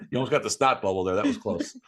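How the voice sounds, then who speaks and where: A man co-hosting a sports podcast, talking in a rambling, joking, conversational way. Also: on the low side. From Las Vegas. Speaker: podcast co-host. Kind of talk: casual sports podcast chat.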